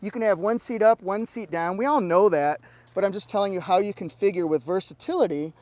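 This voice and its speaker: A man's voice: high voice, fairly quick, darkish tone, dry recording. A middle-aged man giving an upbeat, enthusiastic walkaround review of a car at a dealership, exclaiming as he points out features.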